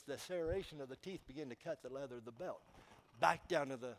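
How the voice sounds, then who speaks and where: Male pastor, emphatic church sermon, storytelling, talks straight to the congregation, mid-pitched voice. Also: animated, a little fast, hardly any pauses, rough recording.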